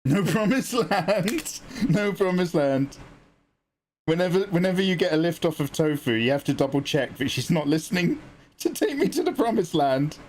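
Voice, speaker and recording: A man's voice: fairly high pitch, sing-song, fairly quick, darkish tone, slight background noise. A young man chatting casually on his art livestream, joking and laughing at his own stories. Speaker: art streamer.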